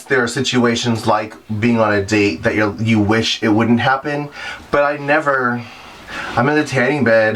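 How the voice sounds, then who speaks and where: A man's voice: mid-range voice, a bit bright. Drag performer man, sassy storytelling advice vlog, a little distant from the mic, faint room noise. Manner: chatty storytelling, sassy asides. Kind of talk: advice vlog talking to camera.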